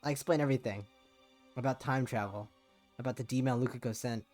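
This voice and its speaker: A man's voice: medium pitch, fairly quick, darkish tone. Man reading a visual novel aloud on stream, plain mid voice, loose and casual, a bit of music behind. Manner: casual reading with swearing asides.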